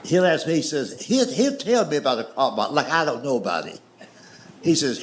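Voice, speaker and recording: A man's voice: a little high, very animated, moderate pace. A man with a Southern US accent doing stand-up storytelling, folksy and drawn out, with dry asides. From Southern United States. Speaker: stand-up comedian. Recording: live show with audience noise. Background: audience laughter.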